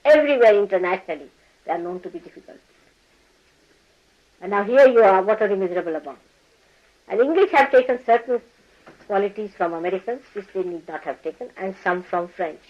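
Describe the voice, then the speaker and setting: A woman's voice: medium pitch, lively intonation, fairly quick, long pauses, highs cut off. An older woman giving a spiritual talk to her followers, scolding and teasing them, laughing often and acting out the people she quotes. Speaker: spiritual teacher. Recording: archival talk recording.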